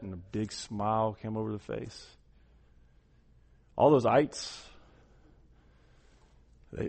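A man preaching a sermon with a folksy, conversational manner and rhetorical questions, swinging from quiet asides to loud, drawn-out proclaiming. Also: fairly low pitch. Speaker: pastor. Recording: long hall reverb.

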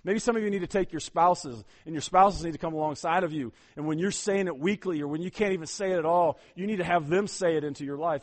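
A man's voice: fairly high pitch, fast, few pauses. A man preaching a sermon as pastor, urging his congregation on emphatically and often repeating words as he goes.

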